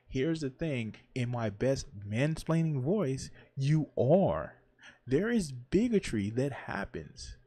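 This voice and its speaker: Husky, sarcastic man reacting to clips. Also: mid-range voice. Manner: animated, sarcastic, mocking voices. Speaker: commentary streamer. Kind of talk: reaction commentary.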